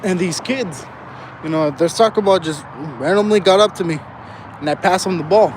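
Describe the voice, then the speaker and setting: Young guy, high voice, casual profane storyteller walking a street, faint traffic behind. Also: normal speed. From Southern California. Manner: rambling, profane, laughs often. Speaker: vlogger.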